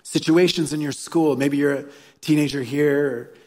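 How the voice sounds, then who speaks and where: Slightly high and a little mellow, a pastor's voice holds a steady tone at normal speed. He preaches earnestly through stories, repeating key phrases, recorded live in a church hall full of echo.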